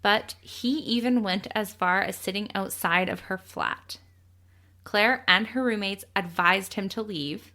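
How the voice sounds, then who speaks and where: A young woman co-hosting a casual true crime podcast, chatty and quick to laugh, swearing casually as she tells the story. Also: medium pitch, pushed and bright.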